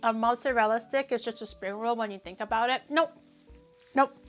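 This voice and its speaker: A woman hosting a casual livestream, talking to chat in an animated, ranting way and swearing freely. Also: a little high, brisk, soft background music. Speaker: livestream host.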